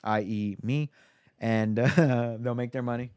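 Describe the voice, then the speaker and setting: A man in casual podcast chat, his voice smooth and clear. He rambles with lots of fillers. The sound is dry and close to the mic. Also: medium pitch, steady tone, unhurried, a little mellow, dry recording. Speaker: podcast co-host.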